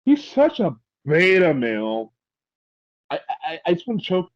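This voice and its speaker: A man hosting a podcast, chatting casually in a rambling, halting way with many restarts. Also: on the high side, huge pitch swings, dry recording, lo-fi sound. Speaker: podcast host. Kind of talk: casual opinionated chat.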